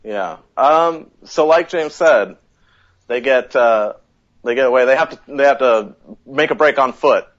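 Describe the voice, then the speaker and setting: A man hosting a casual podcast chat, retelling a story with lively acted-out quotes. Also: mid-range voice, measured pace. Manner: animated retelling, acts out quotes. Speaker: podcast host. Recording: dull lo-fi podcast audio.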